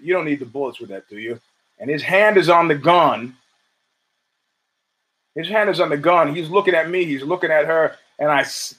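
Profane storytelling man, higher-pitched voice. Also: a bit bright, low-quality recording. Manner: profane, rambling, stammers and restarts, acts out quoted dialogue. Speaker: podcast host. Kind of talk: casual storytelling monologue.

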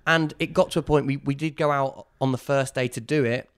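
A man, a guest in a casual interview, telling a story with lively quoted voices. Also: medium pitch, fairly quick, smooth.

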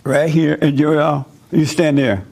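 An older man preaching to a room, with a voice pitched a touch higher than most men's. He tells his story in an animated way and jumps into the voices of the people in it. His delivery is lively and conversational. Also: slow pace, gravelly. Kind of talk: sermon with role-play demonstration.

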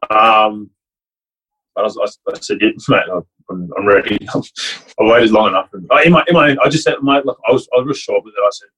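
A man's voice: on the low side, a little fast, sharp tone, husky, poor audio. A young man, a rugby league player and coach, telling a heartfelt, rambling story in casual chat. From Fiji. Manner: rambling and heartfelt, many restarts and "like".

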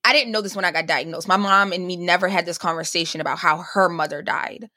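A woman's voice: fairly low pitch, fast talker, pushed and bright, no room sound, clean studio sound. A young woman, a podcast guest, telling a personal story in casual chat and acting out the voices of the people in it. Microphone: remote call mic.

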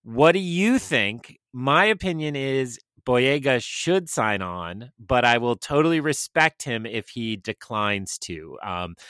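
A man's voice: medium pitch, a bit bright, no room sound, studio quality. A man co-hosting a podcast in a casual, enthusiastic, chatty way. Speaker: podcast co-host. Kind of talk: casual chat.

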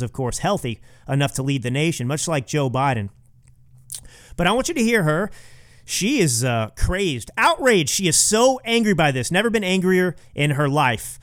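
A man hosting a political commentary podcast, talking in a sarcastic, mocking way. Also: on the high side. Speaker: podcast host.

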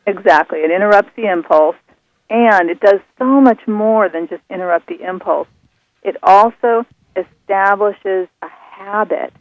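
A woman guest explaining her method in a calm, soothing, patient way. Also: medium pitch, no room sound. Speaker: author and guest. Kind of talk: explaining on a radio call-in. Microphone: phone. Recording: thin phone line.

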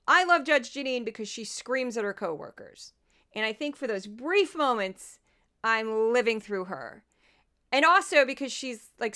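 A woman's voice: a little high, sharp tone, clear, resonant tone. A woman hosting a podcast, chatty and sarcastic in casual commentary, laughing often. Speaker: podcast host.

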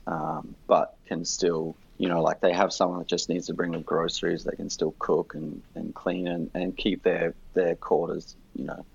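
Australian man, low gravelly voice, husky, blunt and profane, casual podcast chat, dull lo-fi sound. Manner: blunt, profane, storytelling ranting. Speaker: podcast guest.

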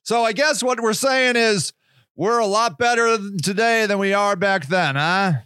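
A solo podcast host with a fairly high, sharp voice alternates between reading aloud and heated rants, sarcastic and freely swearing, at a measured pace. The recording is clean, dry, and close, with no room sound.

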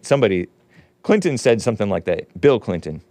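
A man's voice: medium pitch, big pitch swings, moderate pace, a little mellow, no echo. A man hosting a casual livestream, reading viewer comments aloud and rambling with frequent laughs. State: losing his voice. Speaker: livestream show host.

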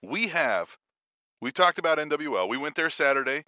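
Man, podcast co-host, casual profane chat, lively swooping pitch, dry close recording. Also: moderate pace, no echo. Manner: animated, profane, punctuates with "right?".

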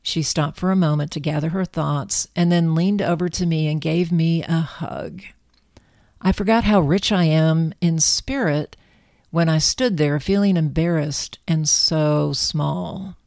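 A woman narrating a storybook in a calm, measured, gentle way. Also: sits low, vocal fry, dry recording, clean studio sound.

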